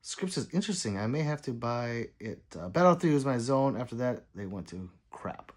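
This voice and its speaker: Medium-pitched but with big pitch swings, a man speaks at normal speed while hosting a casual gun channel livestream. He rambles and apologizes as he reads viewer comments aloud, muttering between each.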